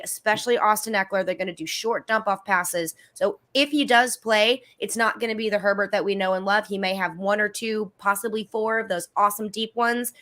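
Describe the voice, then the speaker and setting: A woman guest on a live fantasy football stream, chatting casually and acting out quotes in a self-deprecating, animated way. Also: mid-range voice.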